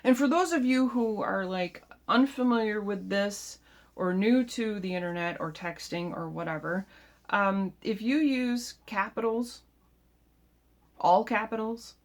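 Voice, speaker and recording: Casting note: a lower-pitched woman vlogger who rambles, sounding frustrated and restarting her sentences. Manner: rambling, frustrated, self-interrupting. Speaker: keto vlogger. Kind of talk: casual vlog monologue.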